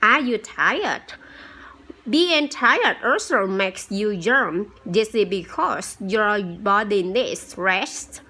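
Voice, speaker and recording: A woman voicing a patient schoolteacher who explains things to a pupil in a slow, careful reading voice. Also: medium pitch, expressive, bright, forceful tone, breathy edge, full character voice.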